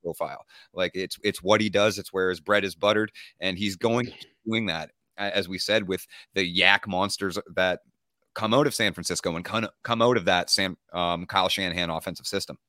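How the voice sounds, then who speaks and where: A man from Canada co-hosting a casual sports podcast, relaxed as he rattles off stats. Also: deep voice, a little fast, dry recording, clean studio sound. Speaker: podcast co-host. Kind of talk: casual fantasy football talk.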